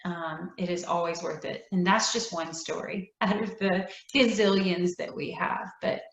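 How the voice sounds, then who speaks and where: A woman, a nonprofit's founder, telling a heartfelt story in an interview, earnest and emotional, dropping to soft near-whispers. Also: lowish voice, fairly even intonation, a little slow, distant mic. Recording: roomy echo, dull lo-fi sound.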